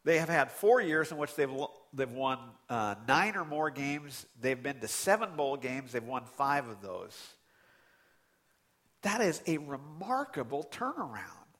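Animated, bright-voiced man preaching. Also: medium pitch, unhurried. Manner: animated preaching with sudden loud outbursts. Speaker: pastor. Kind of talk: sermon.

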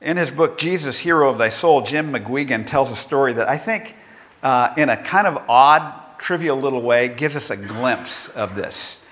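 A man's voice: medium pitch, animated, normal speed, fairly bright tone. A male pastor preaching a sermon, telling a story and acting out its characters. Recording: long hall reverb.

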